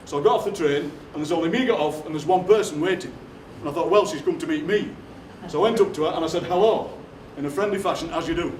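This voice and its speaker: A man, telling comic stories to a live theatre audience in a deadpan way. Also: on the high side, quick pace, few pauses, slight background noise. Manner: deadpan anecdotes, acting out other people's lines. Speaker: poet performing on stage. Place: theatre stage. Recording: roomy hall from a distance. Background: audience laughter.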